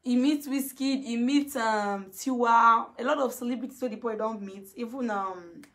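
A woman's voice: a little high, moderate pace, a bit bright. A Nigerian woman vlogger in a casual gossipy chat, talking freely and laughing often. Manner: chatty, laughs often, mimics others.

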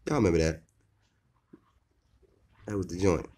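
A man's voice: on the low side, wildly swooping pitch, normal speed, pauses often, warm tone. A man in a laid-back, joking vlog chat with his viewers about his dogs, often checking in with "you know what I mean". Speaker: dog owner and vlogger.

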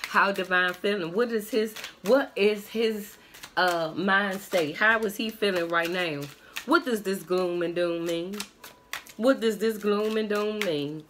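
A woman's voice: mid-range voice, unhurried, fairly bright tone, slight background noise. A woman doing a tarot reading on camera, talking in a blunt, sassy and profane way. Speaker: tarot reader.

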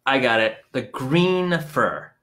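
A man's voice: medium pitch, sing-song, slow, sharp tone. A man hosting a playful live-streamed sing-along for small children, chatting and singing. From Maine. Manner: playful, sings and chats with young viewers. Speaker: children's music performer. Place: indoors at a home in rural New England. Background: his own acoustic guitar.

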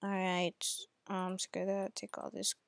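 A woman giving live commentary on her own gameplay at home, muttering to herself and then yelling at opponents in exasperation, with mild cursing. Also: completely flat delivery, slow pace, gravelly, dry recording, clean studio sound. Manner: swings from low muttering to angry yelling at opponents. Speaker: gamer.

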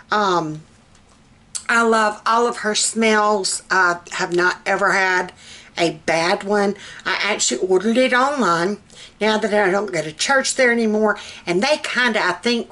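A middle-aged woman with a Southern US accent and a mid-range, fairly bright voice chats casually while cooking in her home kitchen. It's a cook-along vlog, and she rambles along, drawing out her words and filling gaps with plenty of "um"s.

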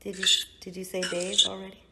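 A woman realtor and ghost hunter asking spirits gentle, apologetic questions in an empty house. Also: medium pitch, monotone, fairly quick. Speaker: realtor and paranormal investigator. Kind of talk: casual talk to spirits during a ghost hunt. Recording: loud hiss, air conditioner hum.

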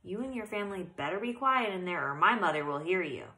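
A woman's voice: lowish voice, lively intonation, brisk, bright, forceful tone. A woman voicing an urgent, secretive young boy in a storybook read-aloud.

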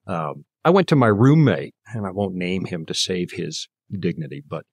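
Animated man telling his story, lively pitch. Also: normal speed, no room sound. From Canada. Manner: animated storyteller, acts out quoted voices. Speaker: guest preacher. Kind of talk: personal testimony in conversation.

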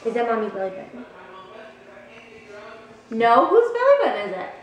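This mother, filming a casual vlog at the family home, moves from the porch indoors while baby-talking to her small daughter and the dogs. She sounds a little high, keeps a steady tone, and talks at a normal speed, with plenty of background noise.

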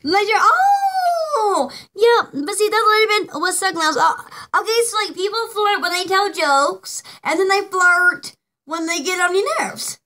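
A woman co-hosting a casual live jewelry sale, talking in excitable, squealing, sing-song bursts. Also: very high-pitched, normal speed. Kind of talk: casual live-stream chat.

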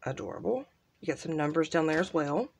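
A woman hosting a casual crafting unboxing, gushing softly and trailing off into quiet asides. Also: sits low, lively intonation, brisk, vocal fry, a little hiss or hum. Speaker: crafting channel host. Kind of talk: casual unboxing show-and-tell.

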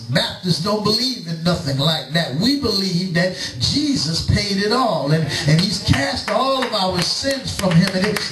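Middle-aged preacher, high voice, slow story with voices for each side, big roomy church sound. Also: male voice, fairly bright tone, recorded from a distance. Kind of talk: sermon storytelling. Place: church sanctuary. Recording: echoey church, preacher away from the mic.

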